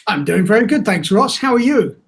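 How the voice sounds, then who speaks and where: A man's voice: high voice, very animated. A man who is a guest on a webinar panel, answering the host's jokes in a jovial way. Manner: jovial, quick to laugh. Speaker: panel guest, marketing executive.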